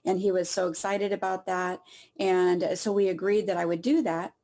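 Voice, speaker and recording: A woman sharing a personal story in an emotional, heartfelt way, pausing often and laughing softly through tears. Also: on the low side, steady tone. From Southern California.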